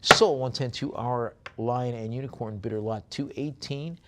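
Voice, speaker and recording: A man's voice: medium pitch, moderate pace, heavy background noise. A man working as an auctioneer at a live sale, describing each lot with chatty, rambling asides and then rattling off bid calls.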